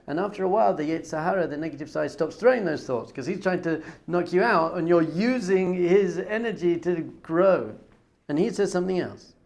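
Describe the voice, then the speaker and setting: A rabbi giving a Torah class, animated, acting out other people's voices with gasps and whispers. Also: male voice, high voice, brisk, creaky. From not American.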